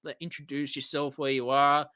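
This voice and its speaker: A man's voice: a little high, flat delivery, moderate pace, bright, forceful tone, clean tone, dry recording. An Australian man hosting a live-streamed radio-style show, ranting in an exasperated, profane way. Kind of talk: live-streamed solo rant.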